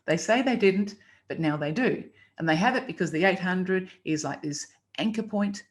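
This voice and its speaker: A woman's voice: on the low side, animated, moderate pace. A woman teaching about pricing in a chatty, emphatic way, acting out client dialogue as examples. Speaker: copywriting teacher. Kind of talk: casual instructional talk.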